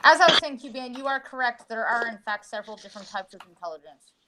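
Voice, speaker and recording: A woman's voice: fairly high pitch, animated, fast, sharp tone, poor audio. A woman bantering with friends on a casual group voice call. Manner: bantering, encouraging.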